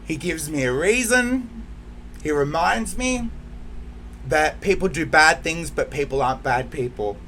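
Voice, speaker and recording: A man with a slightly raised voice speaks straight to his viewers in a heartfelt monologue. He is emotional and close to tears, dropping to near-whispers and then surging into loud outbursts. A faint hiss sits under the recording. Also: fairly high pitch, animated, unhurried. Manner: heartfelt, swinging between hushed and loud bursts. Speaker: channel host. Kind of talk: emotional direct-to-camera monologue.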